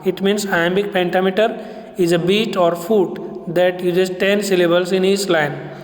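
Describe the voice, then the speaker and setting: A man giving a recorded literature lecture to students, explaining each point slowly and deliberately. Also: high voice, fairly even intonation. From India. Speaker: English lecturer. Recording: echoey roomy recording.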